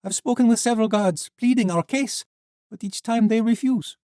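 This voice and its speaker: Weary woman refugee, earnest and pleading, voiced by a male narrator up high. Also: normal speed, mellow, no room sound, studio quality, close to an everyday voice.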